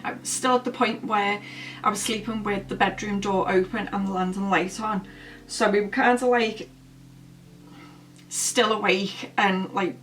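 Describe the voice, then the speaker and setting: Slow-talking woman telling a story. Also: medium pitch, fairly bright tone, recorded from a distance, a little hiss or hum, low-quality recording. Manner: chatty, rambling, many "like" fillers. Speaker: beauty vlogger. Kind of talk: casual storytelling while doing makeup. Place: at home, indoors.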